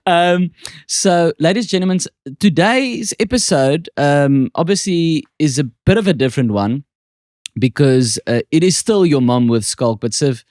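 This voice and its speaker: A man's voice: fairly high pitch, expressive, measured pace, a little mellow, no room sound, studio quality. A man with an Afrikaans South African accent hosts a podcast in casual, joking, self-deprecating chat. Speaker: podcast host.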